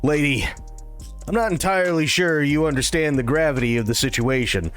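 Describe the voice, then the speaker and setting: A man's voice: fairly high pitch, a little fast, a bit bright, soft background music, lightly acted. A man voicing a blunt young male fighter who is sarcastic and dismissive and swears freely.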